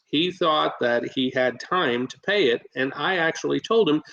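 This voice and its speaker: A man who invests in real estate, talking as a podcast guest and coaching listeners in a lively way, with plenty of fillers and restarts. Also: mid-range voice, vocal fry, dull audio. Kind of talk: casual podcast storytelling.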